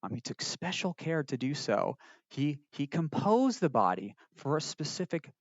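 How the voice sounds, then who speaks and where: A man's voice: fairly high pitch, sing-song, moderate pace, no echo. A man teaching a Bible lesson in a casual, conversational way, with frequent ums and restarts, now and then acting out quoted lines. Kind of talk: recorded Bible lesson walking through a text. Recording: dull lo-fi dry recording.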